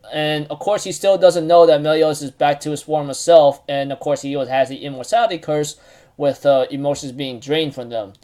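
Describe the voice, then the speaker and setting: Rambling young man with a higher voice. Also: mellow. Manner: rambling, with fillers and chuckles. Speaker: manga recap host. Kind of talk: casual chat.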